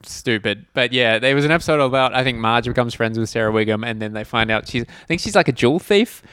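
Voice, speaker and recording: Smooth-voiced easygoing male host. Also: mid-range voice, fast, a bit bright, dry recording. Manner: easygoing, many fillers and laughs. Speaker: podcast host. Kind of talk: casual chat.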